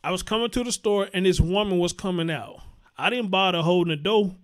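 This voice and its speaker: Host, male, high-pitched, blunt and profane live commentary, repeats lines for emphasis. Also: a little fast.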